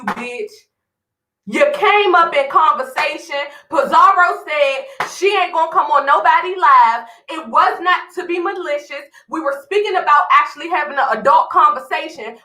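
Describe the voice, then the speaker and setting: A woman's voice: sits high, sharp tone, roomy sound, low-quality recording. A woman hosting a livestream, ranting in a heated, profane way and talking straight to her chat. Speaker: live stream host.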